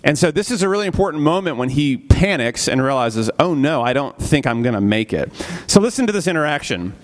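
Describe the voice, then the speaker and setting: A man with a slightly high voice leads a church Bible study class. He talks in an easy conversational way, keeps asking the group questions and adding "right?", and briefly acts out the characters he quotes. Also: sing-song, fairly quick. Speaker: teacher leading a Bible study. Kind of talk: interactive church class lecture.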